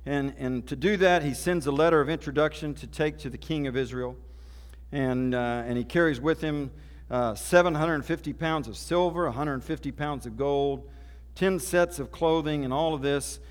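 Folksy pastor in a reverberant hall. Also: male voice, fairly high pitch, moderate pace. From Oklahoma. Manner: folksy, conversational storytelling. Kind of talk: sermon.

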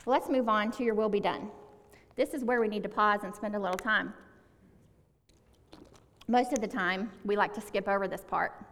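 Female preacher, earnest and conversational, slows for emphasis, mid-pitched, hall reverb. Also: fairly bright tone. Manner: earnest, conversational, stresses words by slowing down. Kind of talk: sermon.

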